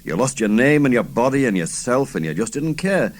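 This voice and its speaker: A man in his fifties reads his own novel aloud in the first person. His delivery is theatrical, with an animated voice that swoops up and down in pitch around a middle register. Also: a little fast. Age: 50s. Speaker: author reading his novel. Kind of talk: dramatic first-person reading.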